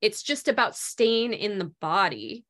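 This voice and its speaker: A woman in a relaxed conversation, explaining her ideas with animated energy. She often slips into quick little voices for what people think to themselves. Her voice has a bright, forward tone. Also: medium pitch. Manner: animated, acts out inner voices. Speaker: guest on food and cravings. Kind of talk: casual conversation.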